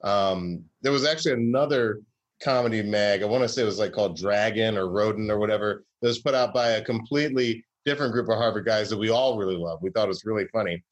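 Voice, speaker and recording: A man's voice: lowish voice, fast talker, highs cut off. A man from Georgia, a comedy writer, telling stories in a casual interview with many fillers and restarts.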